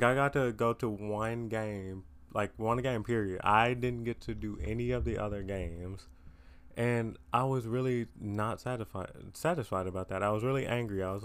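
A teenage young man hosting his own podcast, talking casually and tiredly, rambling with lots of fillers and self-deprecating asides. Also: mid-range voice. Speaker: podcast host. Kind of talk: casual solo chat.

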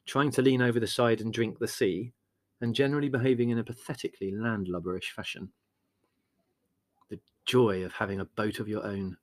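Scripted audiobook narration comes from a man with a medium-pitched voice, expressive and measured as he tells the story. The studio sound is clean, and there's no room sound.

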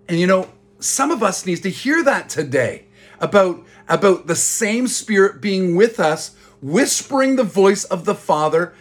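A man with a slightly raised pitch and a husky edge preaches a sermon. He talks earnestly, circling back over key phrases to drive them home. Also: very animated, normal speed. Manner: earnest, repeats phrases for emphasis. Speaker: pastor.

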